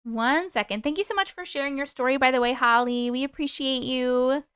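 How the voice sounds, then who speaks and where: A chatty woman hosting a livestream, with a voice pitched a little higher than most. She reads stories out and answers viewer comments as they come in. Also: fairly quick, a bit bright, clean tone. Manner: chatty, talks back to viewer comments, sings snatches of songs. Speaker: host reading viewer stories. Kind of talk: casual livestream chat and story reading.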